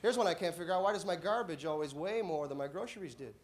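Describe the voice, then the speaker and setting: A man doing a stand-up comedy routine on a club stage, deadpan setups that burst into shouted punchlines. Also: high-pitched, fast talker, slight background noise. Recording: live club audience laughing. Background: audience laughter and applause.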